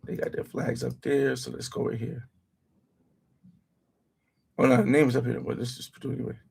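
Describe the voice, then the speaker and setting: Gravelly man muttering while editing. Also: mid-range voice, flat delivery, normal speed, a little mellow. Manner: muttering to himself, trailing off. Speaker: travel vlogger editing live. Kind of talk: casual livestream chat while editing.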